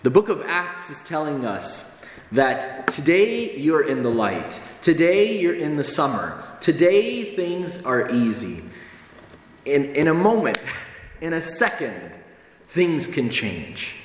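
A man's voice: a little high, very animated, slow, a little hiss or hum. A man preaching a sermon in an earnest, emphatic way, repeating phrases for stress. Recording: echoey hall with long reverb, faint ambience.

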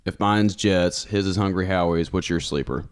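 A man's voice: low-pitched, normal speed, clean tone. A man co-hosting a podcast, chatting casually and laughing often. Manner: laughs often, short interjections. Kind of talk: casual chat.

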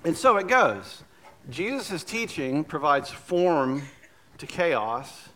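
A man's voice: fairly high pitch, sing-song, slow, bright, forceful tone. A man preaching a sermon as pastor, telling stories in a conversational way with light humor.

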